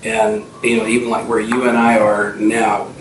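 This fifty-something entrepreneur speaks in a lowish voice with little pitch movement and a moderate pace. As a guest in a relaxed interview, he tells stories full of restarts and filler words. The audio is distant and roomy, carrying a little faint noise.

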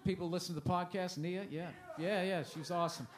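Rambling man, slightly high voice. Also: fairly even intonation, a little fast, a little hiss or hum. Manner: rambling, self-deprecating, trails off and restarts. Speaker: stand-up comedian guest. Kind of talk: casual interview chat. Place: comedy festival interview.

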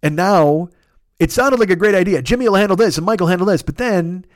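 A man in his fifties hosting a casual solo podcast, rambling and swearing as he tells animated stories. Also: high-pitched, fairly quick, dry recording, clean studio sound. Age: 50s. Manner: profane, rambling, animated storytelling. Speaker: podcast host.

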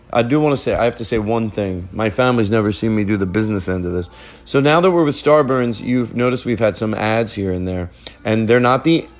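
Give me a middle-aged man hosting a podcast in a casual, rambling, joking way. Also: medium pitch. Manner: rambling, joking, self-interrupting. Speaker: podcast host. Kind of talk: casual chat recorded with family. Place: living room at a relative's house, fire going.

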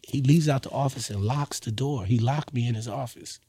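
A middle-aged man from Indiana telling a story as a guest on a casual interview show. He talks in a slangy, animated way and often drops to quiet, low asides. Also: moderate pace, a crowd in the background. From Indiana, United States. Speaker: guest, freestyle rapper.

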